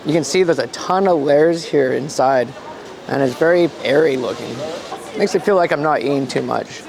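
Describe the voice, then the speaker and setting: A man's voice: on the high side, moderate pace, gravelly, a crowd in the background. A man with a stuffy nose, playfully reviewing pastries in a casual outdoor food vlog. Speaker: food vlogger in costume.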